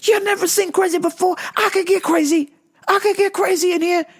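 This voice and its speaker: A woman's voice: lowish voice, expressive, fairly quick, darkish tone, slightly rough, voice pushed down. A woman voicing a volatile male customer who rants, curses and repeats himself. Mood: furious shouting. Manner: profane, ranting, repeats himself.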